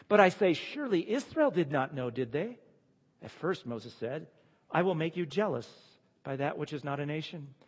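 Husky guy preaching a sermon, kinda high voice, big swings from loud to quiet, long echoey hall. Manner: emphatic, swings between loud declarations and hushed asides. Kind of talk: sermon with scripture reading.

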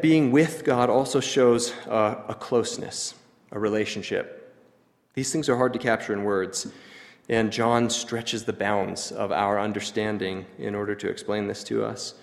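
Man preaching in a reverberant hall. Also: mid-range voice. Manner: explanatory, measured teaching with emphatic pauses. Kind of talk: sermon.

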